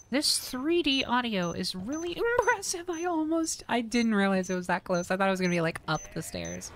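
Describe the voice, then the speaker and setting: A woman streamer giving loud, excitable game commentary, often shrieking and swearing. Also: on the high side, brisk, few pauses, noisy background. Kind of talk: gaming commentary.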